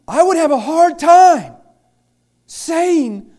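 High-voiced, animated male pastor preaching. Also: normal speed. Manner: animated, swings from quiet asides to loud shouted bursts; chatty, joking storyteller with many restarts. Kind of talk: sermon.

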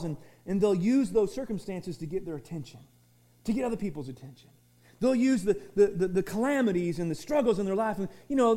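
A pastor preaching a sermon, emphatic, swinging from loud shouted points to low asides and often repeating words. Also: male voice.

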